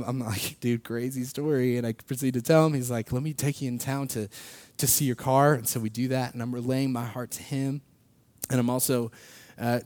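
A young man telling a personal faith story in a casual, animated way, laughing often and acting out what people said. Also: medium pitch, no room sound. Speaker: speaker sharing a personal testimony.

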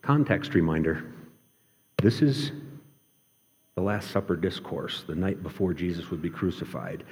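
A man preaching a sermon in an earnest way, slowing and dropping his voice for emphasis. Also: low voice. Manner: earnest, varies pace, drops to quiet emphasis. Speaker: pastor. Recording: long hall reverb.

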